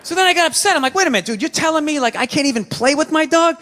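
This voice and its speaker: A man doing stand-up comedy with a Boston accent, telling stories in a loud, ranting way on a stage. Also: extremely high pitch, lively intonation, very fast. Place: comedy stage in a large venue. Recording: live stage recording with hall reverb.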